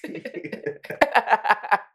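A woman's voice: drawn-out words, fairly bright tone. A woman co-hosting a casual podcast, reacting with disbelief and blunt swearing. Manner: incredulous, swears freely. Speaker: podcast co-host. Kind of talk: casual chat.

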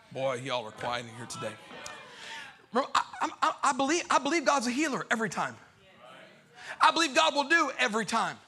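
A man preaching a sermon to a church crowd, moving from hushed storytelling to shouted, sing-song calls. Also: extremely high pitch. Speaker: pastor. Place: church sanctuary.

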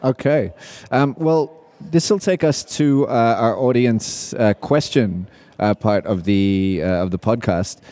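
A man's voice: medium pitch, a little slow, few pauses, dark tone, dry recording. An Australian man hosting a live podcast panel, talking in a hesitant way with many fillers. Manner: hesitant, lots of ums and restarts. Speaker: podcast host. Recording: live show at a pen expo, audience.

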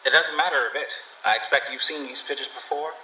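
A wry, mocking wanderer who talks dryly and bluntly in a storybook tale, as a male reader voices him. His tone is bright and sharp, lifted a little above the reader's own, heard from a distance in an echoey room. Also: mid-range voice, a little fast, muffled recording, slight background noise, pitched above the performer's own voice. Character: wry, mocking wandering dream-seller man.

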